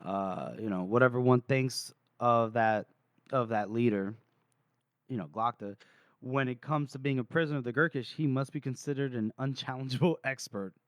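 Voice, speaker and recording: A man's voice: medium pitch, no echo. Podcast co-host, male, casual storyteller, quotes characters, stammers a bit, dead-dry sound. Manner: quotes characters in quick voices, stammers and restarts. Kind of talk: casual book discussion, retelling scenes.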